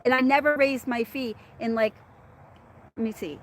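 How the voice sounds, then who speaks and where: A woman's voice: on the high side, fairly even intonation, moderate pace, slight background noise. A middle-aged woman hosting a casual livestream, chatting and laughing as she answers commenters by name. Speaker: livestream host reading viewer chat.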